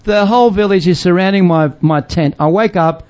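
An older missionary with a high-sitting, darkish voice tells a story briskly in casual conversation, acting out voices and laughing often. The recording has a dull, lo-fi sound.

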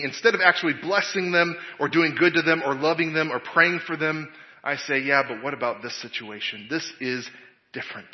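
A man's voice: mid-range voice, highs cut off. A man preaching a sermon as a pastor, earnest and questioning, quoting scripture.

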